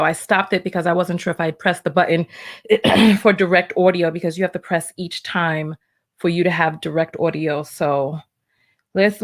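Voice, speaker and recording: A woman hosting a reaction video, flustered and stammering as she pauses and sorts out her audio. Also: lowish voice. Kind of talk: casual reaction commentary.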